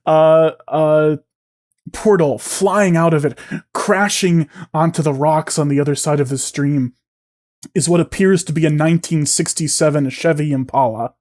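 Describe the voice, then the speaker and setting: A man's voice: fairly high pitch, fairly even intonation, normal speed, darkish tone. A man narrating as game master of a tabletop game, hesitant and filler-heavy. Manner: hesitant, many fillers and restarts.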